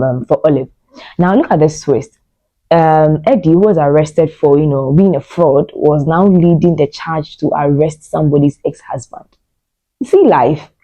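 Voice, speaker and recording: Woman, movie reviewer; mellow, warm tone, emotional and rambling with many fillers. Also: low-pitched, no room sound, lo-fi sound. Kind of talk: casual spoken movie review.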